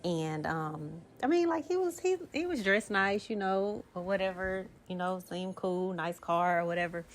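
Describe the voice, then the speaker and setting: A woman's voice: fairly low pitch, expressive, normal speed, slight background noise. A young woman, a podcast co-host telling a long story in a rambling way, full of ums and you-knows. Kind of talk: casual storytelling.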